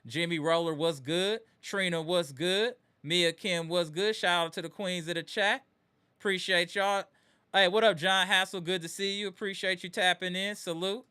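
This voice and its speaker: Bright-voiced man hosting a live sports reaction. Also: fairly high pitch, clear, resonant tone. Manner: greets chat viewers by name, swings between weary muttering and heated ranting. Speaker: live-stream host.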